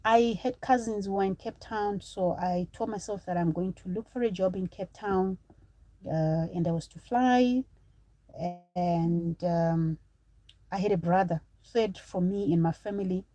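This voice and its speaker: A woman's voice: mid-range voice, measured pace, dark tone, rough recording. A woman from Zimbabwe in her thirties, chatting on a live stream, telling a personal story to viewers and breaking off to thank supporters.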